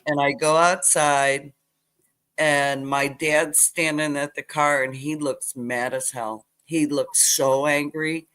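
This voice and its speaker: An older woman telling childhood stories in a casual chat, animated as she retells them. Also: sits low, slow pace. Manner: animated retelling with acted quotes. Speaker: guest.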